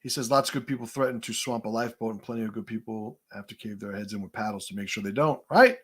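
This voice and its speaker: Speaking fast in a low-ish, husky and slightly bright voice, this New York City livestream host rambles through stories and responds to chat. His casual talk is profane, with plenty of fillers and false starts.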